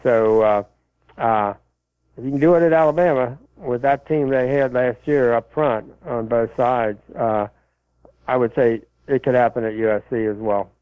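A man's voice: mid-range voice, smooth, no room sound. Rambling man on a tinny phone line. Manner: rambling and halting, full of fillers and restarts. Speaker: college football analyst. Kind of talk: casual sports chat answering listener questions.

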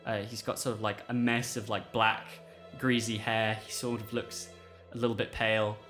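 A man's voice: on the low side, little pitch movement, moderate pace, a bit bright, faint music behind. Casual man narrating as game master. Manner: casual, lots of "like" and "um".

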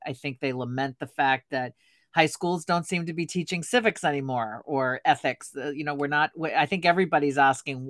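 Woman, interview guest, former educator, measured reflective answers, dry sound. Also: sits low, a bit bright, no echo. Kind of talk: podcast interview.

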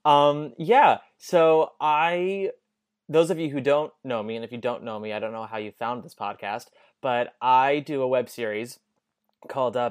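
A man's voice: mid-range voice, clear, resonant tone. A man co-hosting a podcast in casual banter, with wry, self-deprecating quips. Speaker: podcast co-host.

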